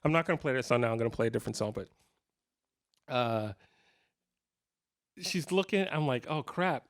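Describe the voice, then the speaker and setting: A man's voice: medium pitch, lively intonation, moderate pace. A man in his fifties telling rambling, self-deprecating stories at a guitar clinic, with many restarts. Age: 50s. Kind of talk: casual storytelling to a live audience. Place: guitar shop clinic room.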